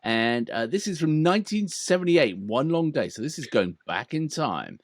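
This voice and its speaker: An English man co-hosting a casual chat, teasing his partner with dry humour. His pitch moves up and down a lot, and the sound is close and dry. His voice sits at an ordinary middle pitch. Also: very animated, moderate pace, dry recording. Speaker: co-host of a music reaction channel.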